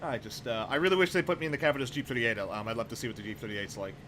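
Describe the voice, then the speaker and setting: A man's voice: mid-range voice, rapid-fire, sharp tone, slight background noise. A young man streaming a train simulator, chatting casually with rambling, profane, wry asides. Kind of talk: casual gameplay commentary.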